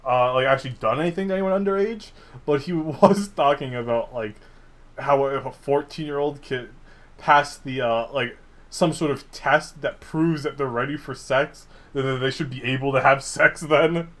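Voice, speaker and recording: A man co-hosting a podcast in casual chat, relaxed and joking, laughing often. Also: mid-range voice, moderate pace. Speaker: podcast co-host.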